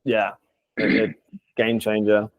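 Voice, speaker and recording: A man's voice: on the low side, completely flat delivery, slow pace, no room sound, dull audio. A man hosting a casual interview, laid-back and peppering his speech with "like" and "mate". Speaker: podcast host, business coach.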